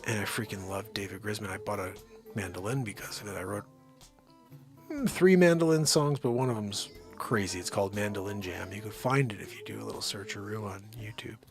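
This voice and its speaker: A man's voice: lowish voice, fairly quick, gravelly, music in the background. A man hosting a daily live comedy stream from home, rambling loosely, scolding his dogs and calling out viewers' names.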